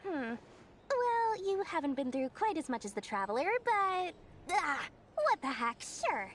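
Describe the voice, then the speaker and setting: A woman's voice: sits high, big pitch swings, a little slow, slight background noise. A woman voicing a cheerful, greedy young merchant woman in a video game, bubbly and theatrical. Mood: grudging. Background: game music.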